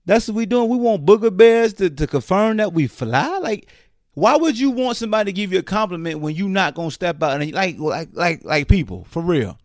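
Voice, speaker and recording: A man hosting a podcast, ranting in casual slang with incredulous, mocking asides and quick put-on quotes. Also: sits high, sing-song, no room sound, clean studio sound. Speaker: podcast host. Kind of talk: casual commentary rant.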